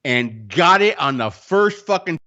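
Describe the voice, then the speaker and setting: A man telling a story in a casual podcast chat, animated and profane, acting out the people in it. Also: a little high, unhurried, muffled recording. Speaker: co-host.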